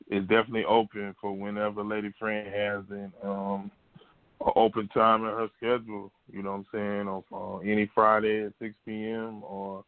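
Laid-back male radio host, low monotone voice, heard over a phone line. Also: dry recording. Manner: laid-back slang, frequent "you know what I'm saying". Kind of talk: casual call-in chat.

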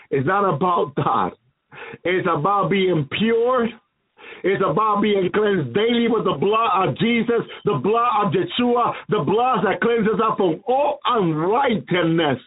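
Man with a really high voice preaching slow and fervent, repeats himself a lot, tinny phone-line radio sound. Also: breathy edge. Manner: fervent, repetitive pleading, exclaims "Oh God". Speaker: guest preacher sharing visions. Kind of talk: emotional testimony and prayer.

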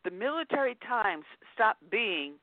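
A woman's voice: a little high, very animated, unhurried, no room sound. A woman hosting a talk radio show, chatty and laughing often. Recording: dry, tinny phone-like sound.

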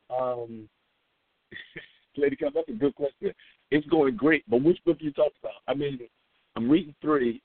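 A man's voice: mid-range voice, gravelly, no echo. A middle-aged man leads a morning devotional over a conference call, and the audio is thin and phone-like. The room sounds completely dry. He talks loose and chatty and keeps stopping to greet listeners by name. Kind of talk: live-streamed morning devotional. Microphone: phone line.

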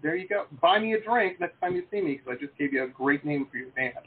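A man's voice: a little high, expressive, fast talker. Chatty American man on a tinny call. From United States. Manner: chatty, rambling, joking. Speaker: interview host. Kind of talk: casual video interview. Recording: tinny call audio with faint hiss.

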